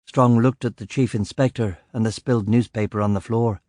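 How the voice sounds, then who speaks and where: Brief: male narrator, wry and matter-of-fact, mid-pitched, dry close sound. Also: fairly even intonation, a little fast, a little mellow, dry recording. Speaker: audiobook narrator. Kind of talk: first-person audiobook narration.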